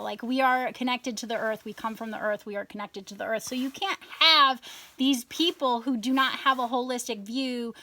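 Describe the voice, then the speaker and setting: Woman, farmer, casual monologue, chatty with lots of asides, fairly high pitch. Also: fairly bright tone. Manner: chatty, full of "like" and "right?", acts out her own past thoughts. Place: inside a hoop house on her farm.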